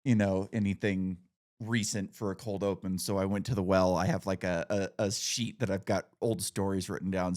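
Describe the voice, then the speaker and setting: A man hosting a podcast in casual chat, a rambling storyteller who swears freely. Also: low-pitched. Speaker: podcast host.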